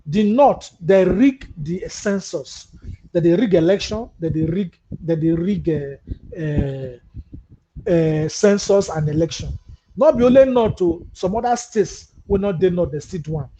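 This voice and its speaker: A man's voice: high voice, expressive, a little slow, warm tone, slightly rough. A Nigerian man with a Nigerian Pidgin English accent, hosting a live political talk show, reading viewer comments and answering them with mocking asides. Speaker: host. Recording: muffled lo-fi audio with faint hiss.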